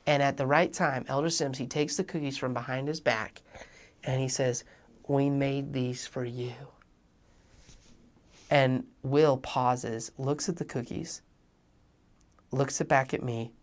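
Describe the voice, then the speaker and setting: A young man telling a personal story in a talk, animated and acting out the dialogue of the people in it. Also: mid-range voice, measured pace. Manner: animated, acts out quoted dialogue. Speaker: speaker.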